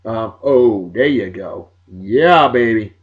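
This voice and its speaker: A man's voice: fairly low pitch, expressive, takes it slowly, phone-quality sound. A man hosting a casual video blog, brash and joking, with a loose, crude way of talking. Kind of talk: casual chat over music.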